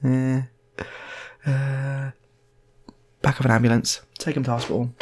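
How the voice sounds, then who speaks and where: A man's voice: mid-range voice, little pitch movement, measured pace, a little mellow. A man improvising comic stories in a rambling, laid-back way, repeating himself. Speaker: storyteller.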